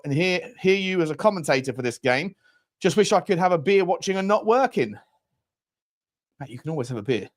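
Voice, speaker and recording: A man hosting a live football watchalong, chatting casually with viewers and reading their comments aloud in an upbeat, matey way. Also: on the high side. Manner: upbeat, matey banter with the chat. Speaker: host of a football fan channel.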